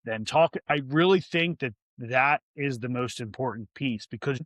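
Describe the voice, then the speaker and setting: A man's voice: medium pitch, normal speed, a bit bright, no room sound. A man guest on a podcast, talking candidly and earnestly, with restarts and many fillers. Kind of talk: candid interview talk.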